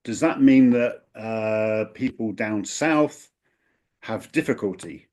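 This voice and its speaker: A man's voice: lowish voice, takes it slowly, darkish tone. A man from the south of England hosting a casual interview, asking short follow-up questions. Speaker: language coach host.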